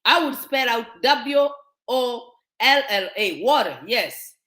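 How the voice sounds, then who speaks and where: Speaking slowly in a bright, forceful voice on the high side, a Kenyan woman with a Kenyan accent lectures her show's viewers. Her impassioned, scolding monologue is full of rhetorical questions, recorded in an echoey space.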